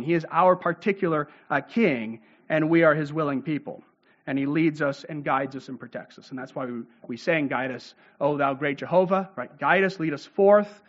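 A man delivers an expository sermon, stopping often to explain scripture. He has a fairly high voice and fills his pauses with "uh" and "right?". The recording is dull and lo-fi. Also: fairly bright tone. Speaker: pastor.

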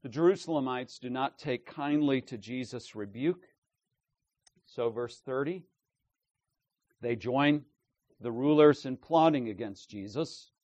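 A man's voice: medium pitch, measured pace, pauses often, darkish tone, no room sound. A man preaching an expository sermon, emphatic, checking in with his listeners and acting out the quoted lines.

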